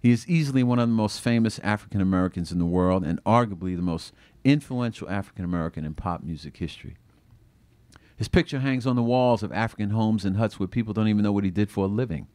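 A man, an author, reading aloud from his own book at a bookstore event, expressive and acting out the quoted voices. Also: on the low side, fast talker, no echo.

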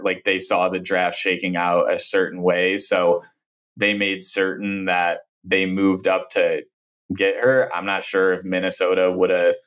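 A man with a low voice, weighing his points carefully as a guest on a casual sports podcast. He hedges often and builds his views step by step. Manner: measured, hedging, thoughtful. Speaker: guest analyst.

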